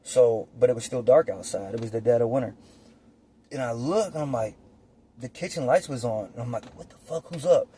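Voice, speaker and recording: A man tells a story outdoors in a loose, animated way, swearing freely and acting out moments as they happen. His voice sits at an ordinary middle pitch. A faint hum of outdoor ambience lingers behind him. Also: a little fast. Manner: animated, profane, acts out scenes. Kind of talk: casual storytime. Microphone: phone or camera.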